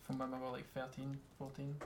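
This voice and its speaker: Young guy from a band, gravelly, talks kinda flat, bit of hiss behind. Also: medium pitch, crowd noise. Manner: rambling, self-mocking, quick asides. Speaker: band member. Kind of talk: casual interview chat.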